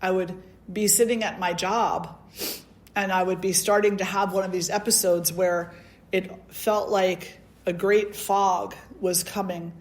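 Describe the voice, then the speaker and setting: A middle-aged woman gives a storytelling talk at a satsang, her voice sitting at an ordinary middle pitch. She acts out the dialogue in her story, shifting her voice for each person she quotes. The delivery is conversational, like a spiritual teacher talking with a circle. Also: fairly even intonation, a little slow.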